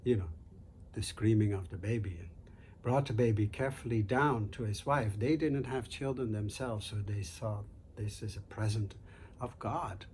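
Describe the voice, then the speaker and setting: A man hosting a storytelling show, telling a folk tale in an unhurried, conversational way. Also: fairly low pitch, darkish tone, a little hiss or hum. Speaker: storyteller host.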